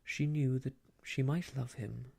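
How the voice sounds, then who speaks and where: A man softly reading an old novel aloud for ASMR, hushed and slow, slipping into whispers, close to the mic. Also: mid-range voice, steady tone, creaky, husky. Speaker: storyteller.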